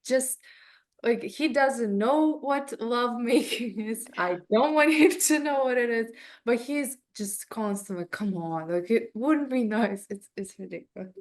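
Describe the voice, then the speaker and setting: A woman's voice: fairly high pitch, a little slow. A woman client in a reading, talking casually and openly about her family and home. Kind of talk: casual chat.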